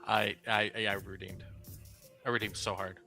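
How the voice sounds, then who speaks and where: A man chats on a casual podcast, making dry, low-key jokes. His voice is fairly low but very sharp and cutting in tone, with a little music underneath. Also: level tone, moderate pace, creaky. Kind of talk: casual chat.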